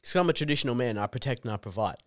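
A man's voice: mid-range voice, animated, rapid-fire, no echo, clean studio sound. A young man co-hosting a podcast, chatting casually and swearing freely. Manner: swears a lot, calls his co-host dude, jokey. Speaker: podcast co-host. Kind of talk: casual chat.

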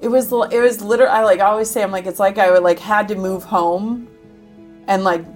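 A woman's voice: medium pitch, fairly even intonation, fairly quick, soft background music. A woman from Minnesota, a guest on an interview podcast, chatting casually with frequent "like" fillers and acting out quoted conversations. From Minnesota, USA.

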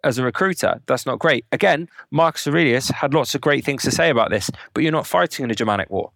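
A man's voice: mid-range voice, expressive, creaky, a bit bright, no echo. A man as a podcast guest, explaining at length with examples in a conversational interview. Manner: rapid, explanatory, lecturing with examples.

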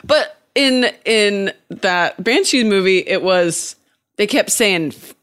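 A woman's voice: mid-range voice, animated, slow pace, fairly bright tone, no room sound, studio quality. A woman co-hosting a podcast in casual chat, teasing her partner and laughing often. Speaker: podcast co-host.

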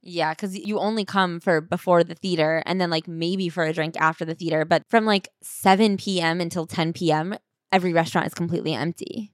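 A woman's voice: on the low side, steady tone, a little fast, no room sound, studio quality. A woman co-hosting a casual book chat, wry and chatty. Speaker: podcast co-host.

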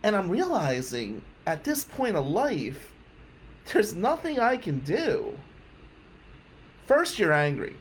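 A middle-aged man telling a personal story with raw, blunt candor. His pitch rises and falls a lot as he recounts what happened. A faint hiss of room noise sits under his voice. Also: huge pitch swings, slow, pauses often. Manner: candid, emphatic, with some swearing. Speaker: podcast host.

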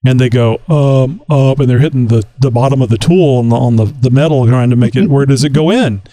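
A man's voice: medium pitch, fairly quick, warm tone, no room sound. A man co-hosting a podcast, chatting casually with rambling asides. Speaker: podcast co-host. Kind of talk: casual chat.

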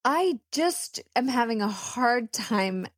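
Woman cohost, crisp clear diction, dry wry humor, dead dry mic. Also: on the high side, lively intonation, slow, no room sound. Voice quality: crisp careful enunciation. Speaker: podcast co-host. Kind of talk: casual comedic chat.

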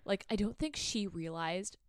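A woman's voice: medium pitch, unhurried, clear, resonant tone, dry recording, studio quality. A woman co-hosting a podcast, casually talking through a book and acting out characters' lines with frequent swearing. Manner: animated retelling, acting out quotes, swears. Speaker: podcast co-host.

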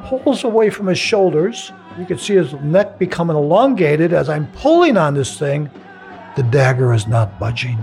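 An older man tells his stories in an interview, his gravelly voice rising and falling with feeling. He slips into other people's voices and gets openly emotional as he talks. Faint music plays beneath him. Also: on the high side. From United States. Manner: animated storyteller, acts out voices, gets emotional. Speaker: hypnotist, interviewee.

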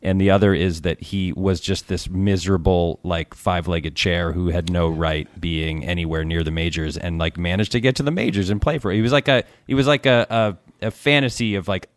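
Deep-voiced man telling long stories. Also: steady tone, brisk, few pauses, no room sound, studio quality. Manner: long rambling storytelling. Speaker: podcast guest, TV producer. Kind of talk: casual podcast chat.

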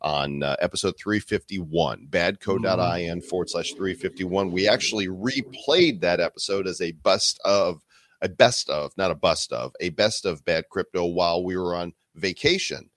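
A low-voiced man hosting a podcast, throwing his lines out with showy, hype-driven energy and big swings in pitch. He sounds close and dry, with little room around him. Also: normal speed, a bit bright, no echo. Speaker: podcast host.

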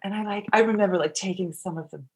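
A woman's voice: mid-range voice, fast talker, darkish tone, husky. A middle-aged woman recounting her own story in a casual interview, with a mid-range voice. Her delivery is loose and rambling, full of restarts and fillers. She curses freely and casually. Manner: rambling, profane, heavy use of "like". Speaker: guest.

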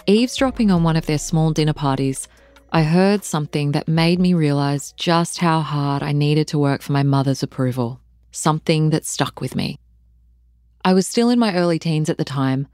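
A woman reading aloud from her own memoir in a measured, intimate storytelling manner. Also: deep voice, a little mellow, no room sound. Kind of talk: audiobook-style memoir reading.

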